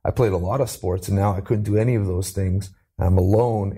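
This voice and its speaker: A man from Canada telling his life story as an interview guest, earnest and animated, lifting his voice when he quotes people. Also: brisk, breathy edge. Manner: earnest, acts out quoted voices with rising pitch.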